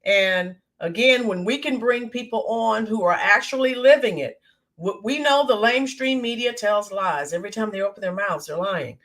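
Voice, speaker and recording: During a casual live-stream chat, this American host welcomes viewers by name and says "um" a lot. Her voice sits at a medium pitch and normal speed, with a slight hoarseness left over from yelling the day before.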